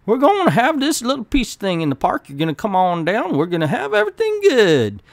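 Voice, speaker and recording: A man's voice: high voice, huge pitch swings, a little fast, vocal fry, no room sound, pitched above the performer's own voice, full character voice. A man voicing a male superhero, putting on a drawling, mock-folksy Mississippi accent. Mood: jovial. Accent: Mississippi, put on.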